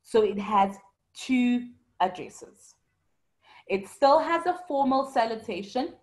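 A woman's voice: a little high, lively intonation, takes it slowly, darkish tone. Female teacher, online class, patient and explanatory, calls on students by name. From South Africa. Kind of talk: online lesson reading student comments.

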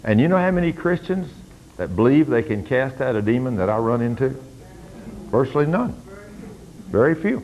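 Fervent older preacher. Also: male voice, medium pitch, sing-song, normal speed, pauses often, muffled recording, slight background noise. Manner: preaching that rises to loud, fervent commands. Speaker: pastor. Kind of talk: sermon.

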